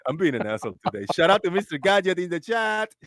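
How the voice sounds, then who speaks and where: A man's voice: sits high, big pitch swings, fast talker, fairly bright tone, dry recording, clean studio sound. A man hosting a casual live voice chat, ranting, swearing freely and often breaking into laughter, heard through an online call. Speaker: host.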